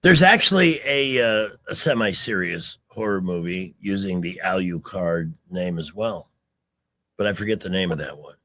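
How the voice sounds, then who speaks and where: A man's voice: sits low, expressive, moderate pace, pushed and bright, dry recording. A man co-hosting a radio talk show, chatting casually with callers and his co-host and joking along. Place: radio studio.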